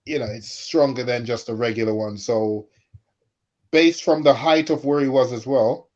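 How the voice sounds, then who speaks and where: A man reasons out his points in long, confident runs of speech. His mid-pitched voice comes through a dull, lo-fi recording with the top end muffled. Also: normal speed, darkish tone. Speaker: podcast co-host. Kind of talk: casual chat. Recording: dull lo-fi mic.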